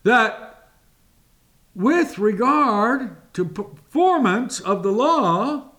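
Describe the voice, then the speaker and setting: A man preaching a sermon in a deliberate, emphatic way, with long pauses between phrases. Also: very high-pitched, lively intonation, sharp tone.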